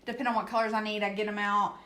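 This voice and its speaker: A woman's voice: medium pitch, flat delivery, racing, bright, forceful tone, roomy sound. A woman hosting a casual painting tutorial, chatty and reassuring, often checking in with "okay?". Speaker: craft channel host.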